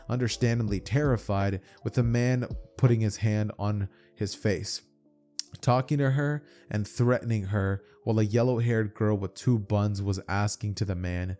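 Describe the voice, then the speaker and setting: A man's voice: on the low side, mellow. A man telling an imagined fan story in a loose, run-on way, often restarting his phrases. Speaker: narrator. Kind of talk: casual fan-fiction storytelling.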